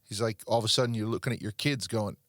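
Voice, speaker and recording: A man's voice: lowish voice, fairly even intonation, quick pace, dry recording, studio quality. A middle-aged man hosting a podcast, telling stories in a rambling, earnest way with many restarts. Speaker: podcast host. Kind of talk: casual podcast chat.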